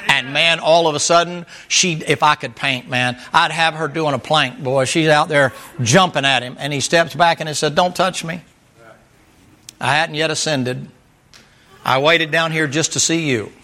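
Brief: male pastor, emphatic folksy sermon, bright ringing voice. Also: a little high, steady tone, normal speed, hardly any pauses. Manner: folksy, chuckling, repetitive, emphatic.

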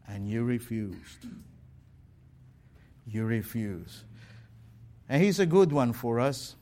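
A pastor preaching a sermon, exhorting the congregation with pointed rhetorical questions. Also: male voice, on the high side. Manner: exhorting, rhetorical questions, slow deliberate delivery.

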